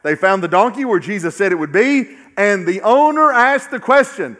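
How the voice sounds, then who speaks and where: A male pastor preaching a sermon in a church. He speaks emphatically, repeats key lines and often lets phrases fall away to a low, quiet finish. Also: lively intonation, normal speed.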